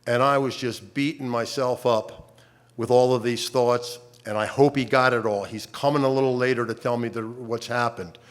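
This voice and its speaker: An older man giving a personal testimony to a conference, speaking conversationally with wry humor and halting restarts. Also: medium pitch, fairly even intonation. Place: conference stage.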